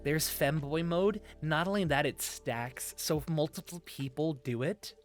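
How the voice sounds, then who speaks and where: Man doing a soft, high "femboy" voice. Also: measured pace, soft background music. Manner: soft, breathy put-on high "femboy" voice, close to the mic; giggly, reads chat aloud. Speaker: streamer. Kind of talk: casual live-stream chat.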